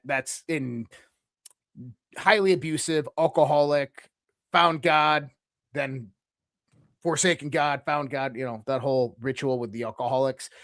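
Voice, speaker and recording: Animated male storyteller, dry close sound. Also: mid-range voice, dry recording. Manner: animated storyteller who imitates sounds, with frequent restarts and fillers. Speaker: podcast guest. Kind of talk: casual conversational storytelling.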